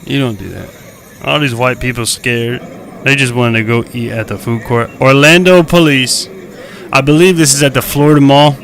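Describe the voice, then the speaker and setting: Young man, live-stream reaction commentary, gravelly voice, mid pitch, animated and slangy. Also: moderate pace, slight background noise. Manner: animated, slangy, talks straight to the viewers.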